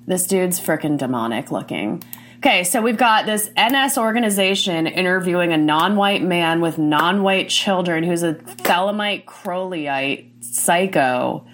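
A woman's voice: on the low side, lively intonation, measured pace, fairly bright tone. A woman hosting a commentary show, ranting bluntly and indignantly, swearing often.

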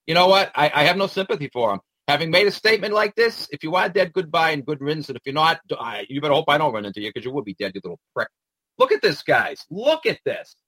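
A man with a husky, slightly rough voice rants his way through a monologue, indignant and profane, stumbling over frequent "uh"s. The sound is dry and close. His pitch sits in an ordinary middle range. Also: a bit bright, no room sound, rough recording. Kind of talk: ranting monologue commentary.

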